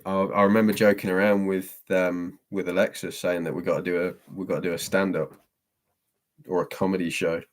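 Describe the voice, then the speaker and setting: A man's voice: deep voice, little pitch movement, fairly quick. A man hosting a live stream and answering chat, chatty and self-deprecating, laughing often as he reads the questions.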